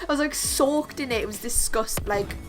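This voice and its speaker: A woman's voice: on the high side, normal speed, over music. A young woman telling a chatty story to camera, full of "like" and "literally". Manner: chatty, constantly says "like" and "literally". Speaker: vlogger. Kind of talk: storytime monologue.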